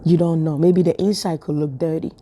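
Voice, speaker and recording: Chatty woman with a low, mellow voice. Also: fairly even intonation, a little fast. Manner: chatty storytelling with laughs and whispered asides. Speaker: spiritual vlogger. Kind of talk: casual spiritual talk to camera.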